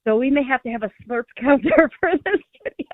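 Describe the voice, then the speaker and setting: A woman's voice: high voice, animated, dry recording. Joking woman host on phone-like audio. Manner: chatty and joking, quick laughs. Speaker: channel host. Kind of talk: casual chat.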